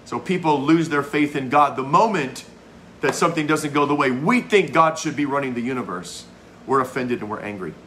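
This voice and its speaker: A man's voice: medium pitch, fairly quick, a bit bright, a little hiss or hum. A man, a pastor, preaching a fervent sermon with emphatic repetition.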